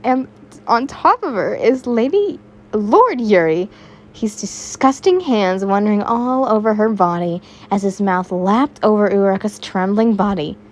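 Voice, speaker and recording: A woman's voice: medium pitch, animated, a little slow. A young woman reading fan fiction aloud in a casual way, stumbling now and then and adding her own asides. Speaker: fanfiction reader.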